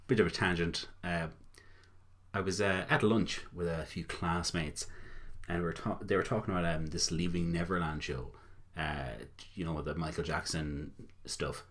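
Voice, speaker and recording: Deep husky Irish young man. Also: fairly bright tone. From Ireland. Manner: rambling, laughs often, swears casually. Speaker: reaction video host. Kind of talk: casual reaction commentary.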